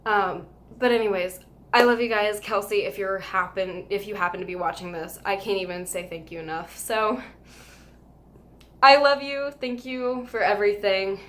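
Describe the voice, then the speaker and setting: A woman's voice: medium pitch, fairly even intonation, moderate pace, fairly bright tone. Gushing young woman telling a story. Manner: gushing and emotional, rambling with many "like" fillers. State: overwhelmed with happiness. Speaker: vlogger telling a fan story. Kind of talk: casual storytime vlog.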